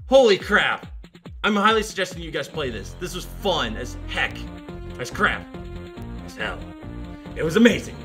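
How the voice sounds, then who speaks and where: An excitable man narrates a video game run in a high, animated voice with wide swings in pitch. He shouts and chants goofy repeated phrases as he plays. Loud game music runs underneath him. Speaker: gaming video host. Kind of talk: let's play commentary.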